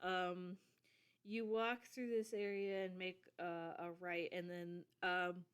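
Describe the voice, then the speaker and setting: A woman narrates a tabletop game as game master, talking casually through voice chat with plenty of ums and little laughs. Her voice is smooth and clear, recorded on a home microphone. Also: lowish voice, flat delivery, slow.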